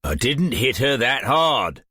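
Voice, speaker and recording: A man's voice: mid-range voice, very animated, slow, bright, forceful tone, slightly rough, no echo, studio quality, voice pushed up, full character voice. A man voicing a sulky male mage who answers defensively.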